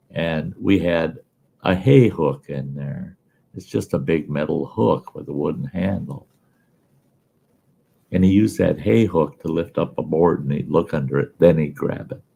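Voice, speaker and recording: A man telling a folksy story in casual, animated style as a show host. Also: a bass voice, unhurried, creaky, breathy edge, muffled recording. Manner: folksy, animated yarn-spinning.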